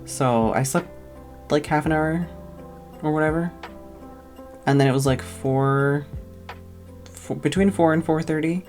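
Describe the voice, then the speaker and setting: A woman's voice: low-pitched, unhurried, long pauses, a little mellow, faint music behind. A tired woman streamer telling a long, casual story, rambling and full of "like" fillers.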